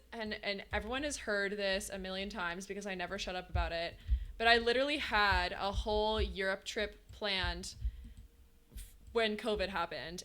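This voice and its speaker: A woman game streamer chatting casually with her viewers, talkative and quick to laugh as she answers chat. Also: mid-range voice, pushed and bright, clear, resonant tone.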